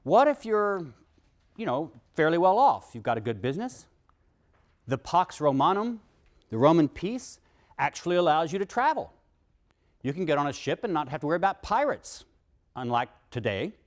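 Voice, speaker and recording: Animated male lecturer with a lively voice. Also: on the high side, moderate pace, long pauses. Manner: animated, leads the class in chanting then explains. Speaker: university lecturer. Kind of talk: classroom lecture.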